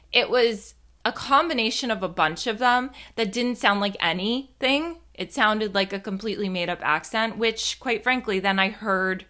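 Young woman, casual host, bright and punchy tone, chatty and profane. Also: mid-range voice. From New Jersey. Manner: chatty, profane, rambling with many fillers. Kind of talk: casual storytelling monologue.

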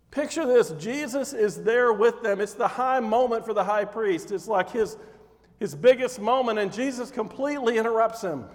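A man with a high voice preaches a sermon and tells scripture like a story, acting out the scenes with growing intensity. His voice rings with long reverb, as in a large hall. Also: normal speed.

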